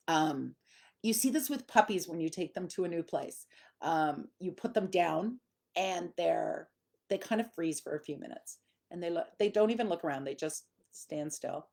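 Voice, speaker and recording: A woman's voice: sits low, darkish tone. A middle-aged woman from Canada, a dog trainer explaining training in a conversational way and briefly acting out what dogs and owners say. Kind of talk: instructional talk.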